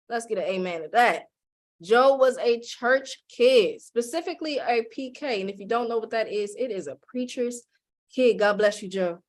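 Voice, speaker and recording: A woman hosting an online panel, hyping each guest with playful call-and-response introductions. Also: medium pitch. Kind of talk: lively hype-up introductions.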